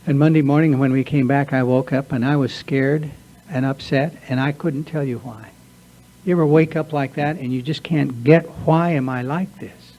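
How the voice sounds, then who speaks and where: A man's voice: medium pitch, steady tone, moderate pace, muffled recording. A man giving an earnest, confessional talk to a recovery workshop, sometimes acting out his own inner voice. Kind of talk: personal talk to a recovery group. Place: meeting room.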